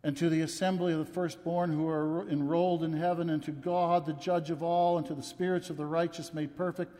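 A man's voice: fairly high pitch, level tone, brisk, mellow. A man preaching a sermon in an impassioned, emotional way, repeating words for emphasis, recorded in a church sanctuary. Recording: long reverb from a large hall.

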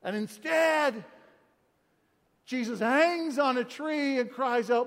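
A man preaching a sermon, quoting scripture with dramatic swings in loudness. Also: very high voice, slow, in a large hall. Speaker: pastor.

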